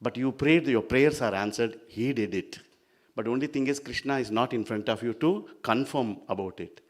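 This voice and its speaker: A man's voice: mid-range voice, moderate pace. A man giving an earnest devotional talk, explaining with emphasis and stories. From India. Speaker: spiritual speaker.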